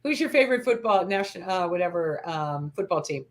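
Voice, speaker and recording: A woman hosting a casual interview, asking quick-fire questions and laughing often. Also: fairly low pitch, lively intonation, over a noisy crowd. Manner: laughs often, upbeat and chatty. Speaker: host.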